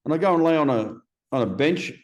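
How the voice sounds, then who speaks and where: A man in his fifties, a podcast guest telling stories in a blunt, profane, animated way. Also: a little high, fast. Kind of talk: casual interview storytelling.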